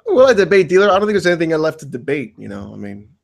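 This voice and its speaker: A man's voice: on the high side, sing-song, racing, creaky. A man co-hosting a casual gaming podcast, offhand and a little argumentative as he makes his points. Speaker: podcast co-host.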